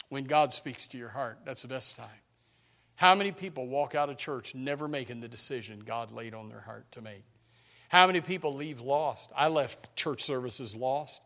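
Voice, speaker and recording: A man preaching a sermon with emphatic repetition, swinging from hushed to loud. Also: mid-range voice, moderate pace.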